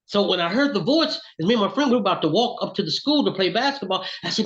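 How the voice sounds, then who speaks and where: A middle-aged man from Alabama with a Southern accent, telling lively stories as an interview guest. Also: sits high, fast, dull audio. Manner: animated storyteller, acts out voices in quotes. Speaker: recording artist, interview guest. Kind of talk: storytelling in casual interview.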